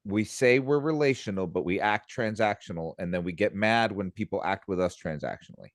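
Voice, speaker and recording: A man's voice: on the low side, expressive, a little fast, no room sound, studio quality. A man co-hosting a business podcast, talking bluntly and emphatically and swearing casually.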